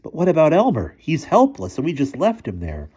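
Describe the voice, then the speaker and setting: A man's voice: fairly high pitch, wildly swooping pitch, fairly quick, warm tone, slightly rough, muffled recording, voice pushed up, exaggerated voice. A man reading aloud, voicing an anxious, urgent teenage schoolboy. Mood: worried. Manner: worried, urgent.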